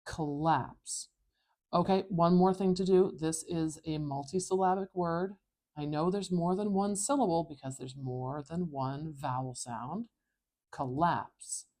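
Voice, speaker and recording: Low mellow lady walking thru phonetics, careful and precise. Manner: clear, precise, emphatic explanations. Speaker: phonetics teacher. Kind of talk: tutorial lesson.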